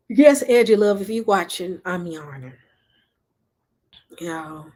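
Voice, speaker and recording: A woman's voice: mid-range voice, big pitch swings, extremely slow, dark tone. A woman from Memphis with a Southern accent, chatting and rambling casually on a livestream while reading comments. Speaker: livestream host.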